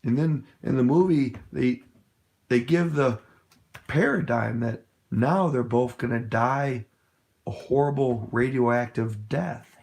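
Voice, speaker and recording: A man's voice: mid-range voice, slow, creaky, darkish tone. A middle-aged man from the United States giving an impassioned political talk, telling a long story in a rambling, emphatic, hesitant way. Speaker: political speaker.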